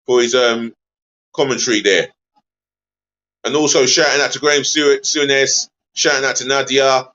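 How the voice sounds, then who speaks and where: A man hosting a live football watch-along stream, chatty and easily exasperated, giving viewers shout-outs. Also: mid-range voice, dull audio.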